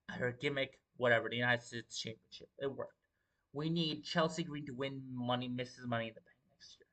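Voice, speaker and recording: Young male livestream host, loose and profane, rambling commentary, mid-pitched voice. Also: a bit bright. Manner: profane, rambling, repeats filler words. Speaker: wrestling show host.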